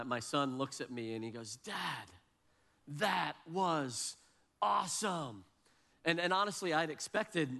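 A man's voice: medium pitch, a bit bright. A man in his forties, a pastor preaching a sermon and telling a personal story with self-deprecating humor.

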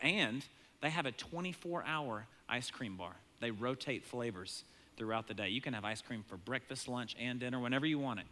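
A man in his thirties preaching a sermon as a pastor, telling a family story in a conversational way, often chuckling and mimicking his excited kids in a high voice. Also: moderate pace, slight background noise.

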